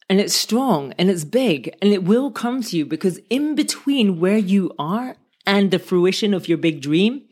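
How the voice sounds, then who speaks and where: A woman who makes films and writes books, giving earnest, conversational advice to her viewers and piling up questions as she talks. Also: fairly low pitch. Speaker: filmmaker and author giving advice. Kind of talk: motivational talk to viewers.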